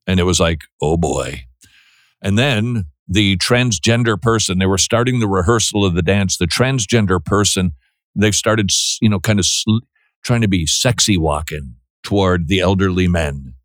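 A man talks through a Christian call-in radio show in an earnest, preachy way, often stammering and restarting his sentences. His voice sits fairly low. The sound is dry and close, with no room around it. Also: moderate pace, no room sound. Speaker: radio host.

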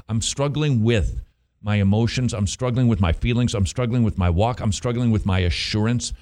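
A man's voice: on the low side, moderate pace, darkish tone. A man hosting a Christian talk show, emphatic and preachy with a teasing edge. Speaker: host.

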